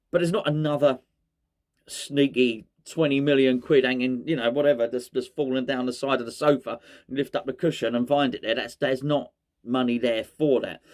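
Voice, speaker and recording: Rambling, jokey man. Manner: rambling, jokey, pitch jumps when excited. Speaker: fan channel host. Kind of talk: casual football chat.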